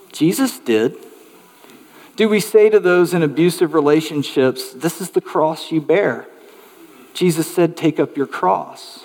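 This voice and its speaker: A pastor preaching an earnest sermon, building emphatic rhetorical questions. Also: male voice, a little high, darkish tone, long reverb tail.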